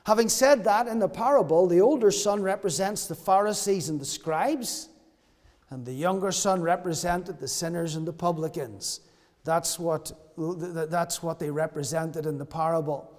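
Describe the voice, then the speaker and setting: A man's voice: fairly high pitch, moderate pace, darkish tone. A man preaching a sermon in earnest tones, repeating key phrases for emphasis. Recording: long reverb of a hall.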